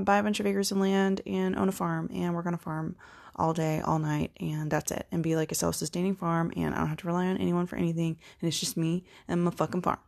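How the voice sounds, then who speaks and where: A woman talks straight to her audience in a loose, confessional ramble, swearing freely and acting out her own inner voice. Her voice sits a little low, with heavy vocal fry crackling through it. She sounds worn down. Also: steady tone, brisk, darkish tone. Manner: candid and profane, drifting into quoted self-talk. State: emotionally worn, crying daily. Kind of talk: casual confessional monologue.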